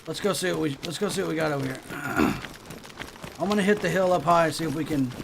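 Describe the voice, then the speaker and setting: Brief: middle-aged male streamer, loose profane chatter, higher pitch, headset, faint hiss behind. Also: lively intonation, a little fast, vocal fry. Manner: rambling, profane, joking. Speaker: game streamer. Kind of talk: casual gaming commentary.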